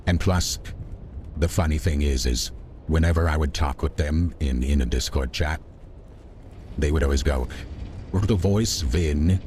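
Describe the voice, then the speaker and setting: Very deep-voiced man rambling to stream chat. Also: fairly even intonation, moderate pace, pauses often, darkish tone, a little hiss or hum. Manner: rambling, chatty, talks back to chat. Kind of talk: livestream gameplay commentary.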